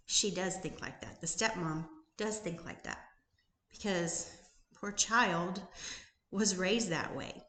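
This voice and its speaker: A woman's voice: lowish voice, a bit bright. A middle-aged woman, a life coach, giving an emphatic motivational talk full of rhetorical questions. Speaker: life coach and YouTube host. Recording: roomy echo.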